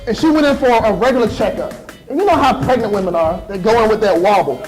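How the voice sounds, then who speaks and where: High-voiced man telling an animated story. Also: fast, music in the background, rough recording. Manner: animated storytelling, acts out voices and sound effects. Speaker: motivational speaker. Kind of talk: motivational speech to students. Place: school assembly.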